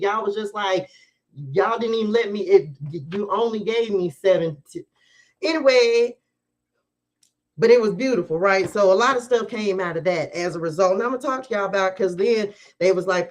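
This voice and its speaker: Woman tarot reader hosting a live stream; casual, lively, laughing, talks to the viewers. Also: medium pitch, normal speed. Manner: chatty, animated, laughs often, talks straight to viewers.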